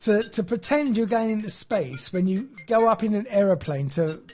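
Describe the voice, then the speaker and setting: A podcast co-host chatting casually, excitable and ranting, laughing often. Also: medium pitch, moderate pace.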